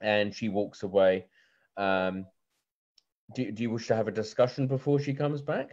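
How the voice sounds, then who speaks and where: Low-voiced man running a tabletop game. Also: fairly even intonation, moderate pace, a little mellow. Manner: chatty, many ums and restarts. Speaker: game master. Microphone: video call. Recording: lo-fi video call audio.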